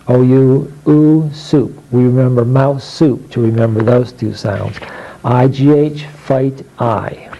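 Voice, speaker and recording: Male phonics teacher, deliberate drill delivery, unhurried, dull lo-fi recording. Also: mid-range voice, warm tone. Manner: slow, deliberate letter-by-letter sounding out.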